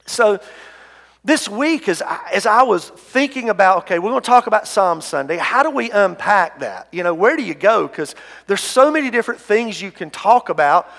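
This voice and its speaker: A man preaching from a church pulpit in a high, earnest voice. His delivery drops to a hush and then climbs again, and he often repeats his words. The sound trails off into the long reverb of a large hall. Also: animated, normal speed, vocal fry. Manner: earnest, swings between hushed and loud, repeats words. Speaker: pastor. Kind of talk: sermon. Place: church sanctuary.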